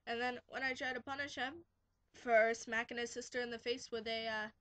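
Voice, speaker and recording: A woman's voice: fairly high pitch, level tone, a little fast, pushed and bright, no echo. Sarcastic teenage girl ranting. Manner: sarcastic ranting, quotes kids in mocking voices. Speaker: vlogger. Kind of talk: casual rambling vlog. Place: bedroom, sitting on her bed.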